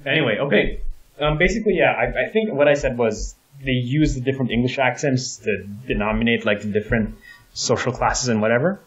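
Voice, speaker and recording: Male gamer calling plays in co-op, prone to excited yelps, dull home mic. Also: medium pitch, brisk. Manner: swearing, excitable outbursts, directing the play. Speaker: co-host playing a game. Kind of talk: casual gaming chat.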